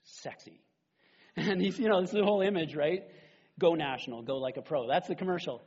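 A middle-aged man preaching a sermon as a pastor, animated and conversational, often checking in with "right?". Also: a little high, fast talker, slightly rough, highs cut off.

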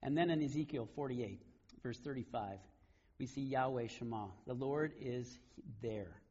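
A man preaching a sermon, retelling scripture stories in a relaxed, conversational way. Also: medium pitch, moderate pace, husky, muffled recording. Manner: conversational storytelling, casual paraphrase of scripture. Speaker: pastor.

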